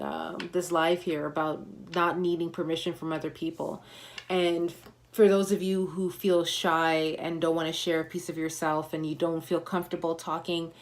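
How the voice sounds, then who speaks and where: A woman's voice: on the low side, darkish tone. A woman giving a motivational livestream talk, coaching listeners with emphatic, repeated affirmations and punchy slang.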